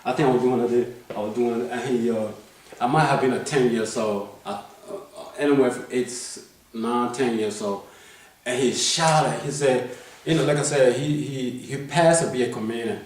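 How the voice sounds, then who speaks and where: Speaking at a normal speed in a mid-range voice, a man from Liberia recounts his life story loosely and casually. He often restarts sentences and checks in with "you know what I'm saying," recorded with a distant mic in a heavily echoing room.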